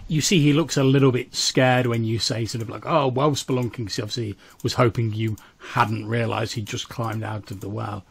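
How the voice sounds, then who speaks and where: Gravelly, husky game master. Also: male voice, lowish voice, fairly even intonation, moderate pace, few pauses. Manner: casual, filler-heavy narration. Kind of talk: narrating a tabletop game.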